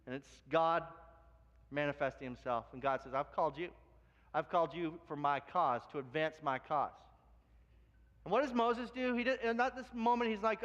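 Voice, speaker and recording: Man, pastor, high voice, animated sermon, long hall reverb. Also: moderate pace, dull audio. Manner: animated storytelling, acts out quoted voices. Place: church sanctuary.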